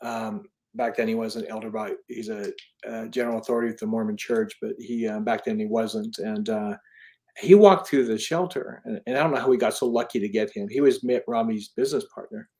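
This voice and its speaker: A man's voice: on the low side, steady tone, a little fast, darkish tone. A man in his fifties, an author and charity founder, telling stories in a casual interview in an earnest, rambling way. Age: 50s. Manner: earnest, rambling with restarts and fillers.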